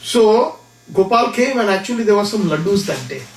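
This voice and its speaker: A man giving a lecture who tells a devotional story in an animated way and acts out the people in it. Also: high-pitched, moderate pace. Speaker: speaker. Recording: echoey room from far off.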